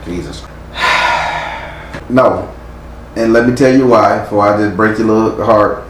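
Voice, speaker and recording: Man, tarot reader, blunt and stern, low-pitched, echoey room, faint background noise. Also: slow. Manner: blunt, stern, profane advice. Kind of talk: live tarot reading.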